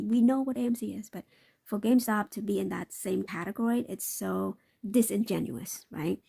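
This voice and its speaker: A woman hosting a live market commentary stream, with a heavily gravelly, creaky voice and a husky edge. She rambles through her points and keeps checking in with her listeners. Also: medium pitch, normal speed, mellow. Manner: talks in a loose, repetitive way with frequent tag questions. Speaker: livestream host.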